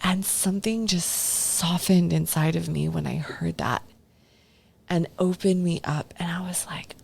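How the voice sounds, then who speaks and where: In an unhurried, lowish voice that is creaky, a bit mellow, and slightly rough, a woman talks about her past as a podcast guest. Her storytelling is casual and frank, with occasional swearing and reenactments of other people's words.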